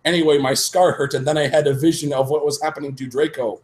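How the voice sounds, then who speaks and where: A man's voice: a little high, steady tone, quick pace, pitched above the performer's own voice, natural voice. A man voicing a whiny, dramatic goth teenage boy in a fanfic reading. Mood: complaining.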